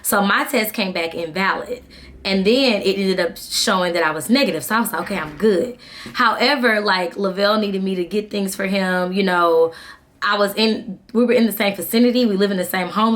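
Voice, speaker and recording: A woman's voice: medium pitch, normal speed. A young woman, casually telling a story to her vlog audience and acting out what people said. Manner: chatty, animated, acts out quoted dialogue. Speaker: vlogger.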